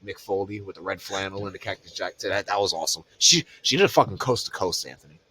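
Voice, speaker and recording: A man co-hosting a podcast in casual chat, telling stories in a profane, slangy way, his voice jumping high when he gets excited. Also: fast, slight background noise. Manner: animated storytelling, voice jumps high when excited. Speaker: podcast co-host.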